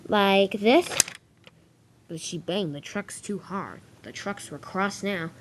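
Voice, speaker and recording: A woman's voice: fairly low pitch, unhurried, noisy background. Woman narrating a toy train story.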